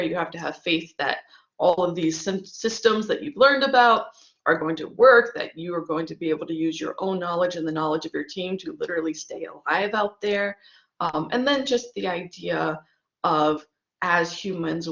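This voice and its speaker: A woman's voice: lowish voice, fairly bright tone. A woman teaching about her own sonnet, explaining rhyme and meter and tapping out the rhythm syllable by syllable. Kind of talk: lecture on poetic meter. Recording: echoey room, dull lo-fi sound.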